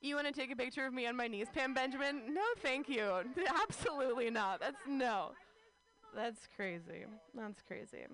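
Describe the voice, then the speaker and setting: A woman's voice: high-pitched, moderate pace, a bit bright, faint music behind, low-quality recording. A woman in her thirties telling a rambling, self-mocking stand-up story, full of fillers like "like.". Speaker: stand-up comedian.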